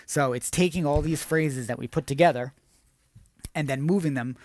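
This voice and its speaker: A man's voice: on the high side, moderate pace, a little mellow. A man hosting an online drum lesson, explaining exercises step by step in an upbeat way. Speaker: drum teacher.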